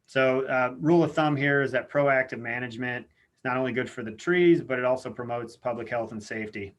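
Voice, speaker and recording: A man presenting an online webinar lecture in a casual, informal way, often pausing on "uh" and "um". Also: mid-range voice. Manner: informal, frequent "uh" and "um" fillers. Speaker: extension lecturer.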